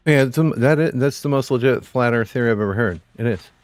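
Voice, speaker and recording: A man's voice: medium pitch, fast talker, no echo. Male streamer, rambling and profane, laughs a lot; dry, close mic. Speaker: livestream gamer. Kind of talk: casual live-stream chat.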